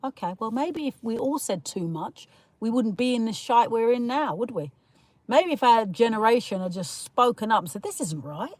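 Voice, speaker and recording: A woman's voice: a little high, animated, normal speed, darkish tone, no echo. A woman hosting a casual livestream, rambling through her opinions, laughing often and greeting viewers as she reads their comments. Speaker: livestream host reading chat comments.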